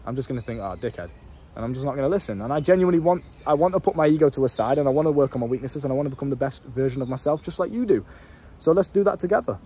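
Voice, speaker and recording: A young man talking straight to camera with rapid, urgent delivery, his voice a little higher than most men's. There is a husky grain to it as he rants with blunt, swear-heavy passion like an unscripted self-help coach. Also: lively intonation, dark tone. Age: young adult. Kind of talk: unfiltered vlog monologue.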